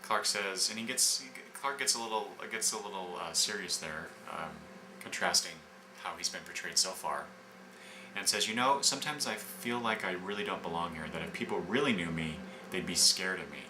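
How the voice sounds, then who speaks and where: Deep-voiced man rambling through a review. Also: moderate pace. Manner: rambling, many fillers and restarts. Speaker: comic book reviewer. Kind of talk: casual review, retelling scenes. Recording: echoey room with background noise.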